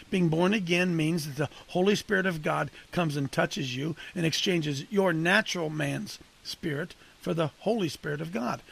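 A man's voice: high voice, gravelly, fairly bright tone, breathy edge. A man coaching and casually preaching to a men's group, conversational and punchy, calling on listeners by name.

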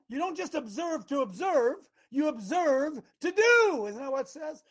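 A man preaching an interactive sermon, animated and quizzing his listeners, bursting into shouts to drive a point home. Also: very high voice, normal speed, few pauses. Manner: banters with and quizzes the congregation.

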